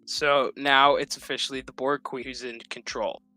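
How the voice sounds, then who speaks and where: A man giving a crude, comedic recap of a TV episode, swearing often and slipping into quick mocking impressions of the characters. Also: medium pitch, flat delivery, pushed and bright, soft background music. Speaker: show recap commentator.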